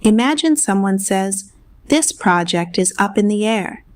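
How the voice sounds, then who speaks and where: A woman's voice: medium pitch, lively intonation, unhurried. A woman narrating a scripted English lesson, patiently explaining simple phrases and modeling examples. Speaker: English teacher.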